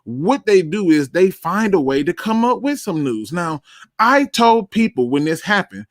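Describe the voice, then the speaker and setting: A man hosting a casual sports talk livestream, animated and self-deprecating, with a loose slangy delivery. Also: high-pitched, measured pace, no echo, studio quality. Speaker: podcast host.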